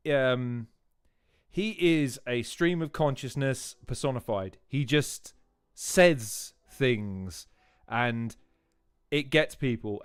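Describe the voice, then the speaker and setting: A man's voice: medium pitch, smooth, no echo, studio quality. A man hosting a livestream, chatting and laughing as he reacts to battle rap clips and repeats lines for effect. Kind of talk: casual livestream commentary.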